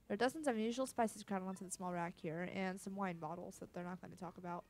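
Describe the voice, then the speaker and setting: A woman's voice: on the low side, steady tone, fast, few pauses, a little mellow, faint music behind. A young woman giving casual, wisecracking commentary while playing a video game, with the occasional swear. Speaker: let's play host.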